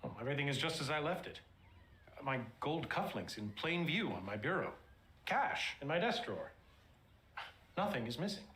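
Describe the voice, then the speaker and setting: A man's voice: on the high side, sing-song, normal speed, long pauses. An actor playing a composed, formal businessman in a period TV drama who answers a detective politely. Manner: formal, composed, well-spoken. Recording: roomy, with loud music.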